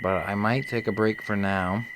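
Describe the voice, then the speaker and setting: A young man with a fairly low, steady voice jokes his way through a video game at a moderate pace, swearing freely as he talks to his viewers. He's a gaming video creator doing casual let's-play commentary, and there's noise in the background.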